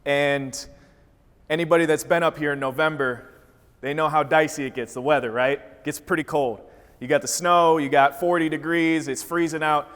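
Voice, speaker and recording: A man's voice: on the high side, fairly even intonation, moderate pace, a bit bright, clear, resonant tone. A man from Wisconsin giving a motivational talk, telling a story with vivid energy. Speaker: speaker. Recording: reverberant hall.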